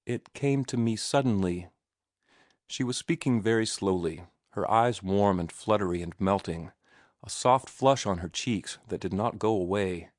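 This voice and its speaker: Low-voiced male audiobook narrator. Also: moderate pace, no room sound, clean studio sound. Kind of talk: scripted narration.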